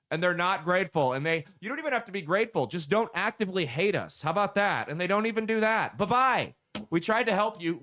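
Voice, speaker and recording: A man's voice: sits high, fairly bright tone. A man hosting political commentary, ranting with sarcastic, profane, heated delivery.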